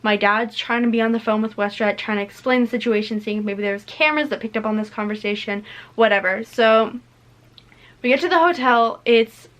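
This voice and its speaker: A brisk, slightly bright, higher-pitched voice belongs to a teenage girl filming a storytime vlog. Speaking into her camera mic, she retells events in a chatty way, leaning heavily on "like" and "literally."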